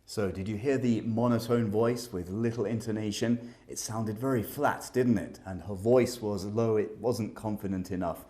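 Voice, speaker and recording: Male language tutor, deep warm tone, emphatic explainer for a scripted lesson. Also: steady tone, moderate pace, hardly any pauses. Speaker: IELTS speaking teacher.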